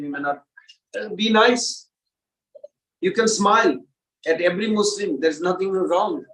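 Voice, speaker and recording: A man teaching a devotional class in a temple, animated and asking the audience questions. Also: sits high, echoey room, far from the mic, poor audio. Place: temple hall, indoors.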